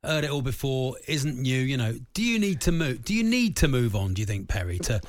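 A man hosting a casual football chat, asking questions and agreeing quickly. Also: mid-range voice, sing-song. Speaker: radio host. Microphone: studio microphone.

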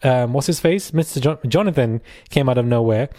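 A young British man hosts his podcast in loose, casual chat. He talks in a sarcastic, rambling way, full of fillers and asides, at a mid pitch. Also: fairly quick, warm tone, no room sound, studio quality. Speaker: podcast host.

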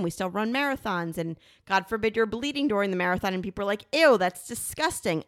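A middle-aged woman talking candidly and emphatically with her husband, her voice jumping high when she insists. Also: dry recording, studio quality. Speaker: podcast co-host, wife. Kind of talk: candid couple conversation.

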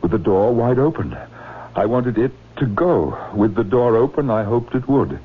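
An actor playing a haunted professor who stammers, panics and pleads, in a 1970s radio drama. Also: male voice, mid-range voice, lively intonation, moderate pace, breathy edge. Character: frantic, haunted older male professor. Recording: tinny old radio broadcast, faint noise.

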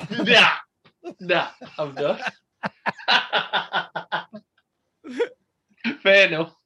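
A man's voice: sits high, expressive, very slow, highs cut off, noisy background. A man co-hosting a podcast in casual chat, joking, laughing often and tagging questions onto his remarks. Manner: jokey, laughs often, adds tag questions. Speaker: podcast co-host.

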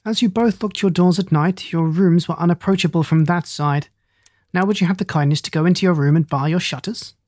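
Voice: mid-range voice, darkish tone, no room sound, clean studio sound, close to an everyday voice. A reader doing a cool, precise Victorian detective. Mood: calm. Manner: precise, formal and measured. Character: sharp, calm Victorian male detective. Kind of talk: audiobook reading.

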